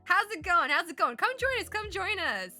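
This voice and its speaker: A woman's voice: very high-pitched, big pitch swings, normal speed, sharp tone, faint music behind. A young woman streamer chatting casually, laughing often, her throat still a little scratchy. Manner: giggly, laughs often between lines. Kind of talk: casual live-stream chat.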